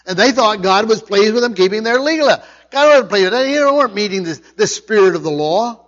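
A man's voice: high voice, expressive, brisk, fairly bright tone, highs cut off. A man preaching a conversational sermon, repeating his points with emphasis. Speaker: pastor.

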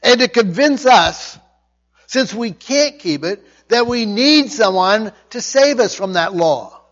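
A man's voice: sits high, animated, takes it slowly, a bit bright, lo-fi sound. A man preaching a conversational sermon, repeating his points with emphasis. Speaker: pastor.

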